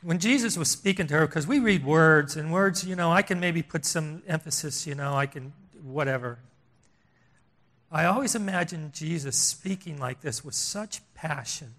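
Older male preacher, higher voice, emphatic sermon delivery with sudden hushed drops. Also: moderate pace. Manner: emphatic, repetitive, swings between loud and hushed.

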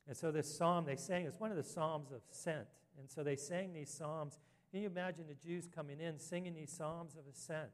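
Pastor, male, slightly higher voice, earnest sermon delivery with emphatic scripture reading. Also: fairly even intonation, moderate pace.

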